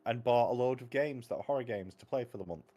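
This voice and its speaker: A man's voice: mid-range voice, fast, warm tone. A man chatting casually as a book channel host, rambling and wry, cutting himself off mid-sentence. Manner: rambling, self-interrupting, wry. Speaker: booktube host. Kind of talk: casual chat.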